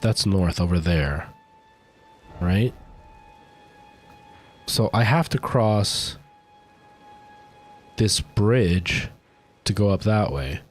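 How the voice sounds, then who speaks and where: A man's voice: on the low side, drawn-out words, long pauses. A man streaming a game live, rambling and thinking aloud as he plays, often poking fun at himself. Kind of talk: live gameplay commentary.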